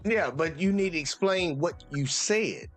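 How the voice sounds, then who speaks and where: A man's voice: a little high, lively intonation, a little slow, a bit bright, faint music behind. A male host arguing bluntly with a caller on a call-in show, profane and talking over him. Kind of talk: heated call-in debate.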